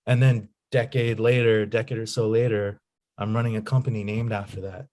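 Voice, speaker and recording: A man telling stories in a casual interview as a guest, animated and slangy. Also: fairly low pitch, fairly quick. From United States. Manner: animated storyteller, slangy, says "man" and "you know". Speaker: guest, nonprofit founder.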